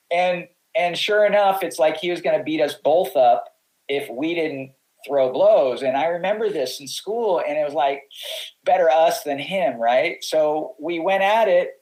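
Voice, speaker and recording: A man's voice: fairly high pitch, expressive, normal speed, darkish tone, rough recording. A middle-aged man, a guest on a podcast, telling long casual stories with many restarts and acted-out quotes. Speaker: podcast guest, pro surfer. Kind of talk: casual storytelling.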